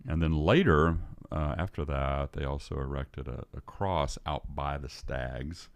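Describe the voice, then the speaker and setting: An older man with an extremely deep voice tells a long story in casual conversation as a podcast guest. He rambles and restarts his sentences often, and the recording sounds close and dry, with no room echo. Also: a little slow.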